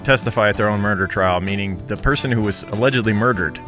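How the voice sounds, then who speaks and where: Fast-talking Australian man, music underneath. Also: lowish voice. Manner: relaxed, chatty, joking. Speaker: podcast co-host presenting the case. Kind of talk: casual podcast chat.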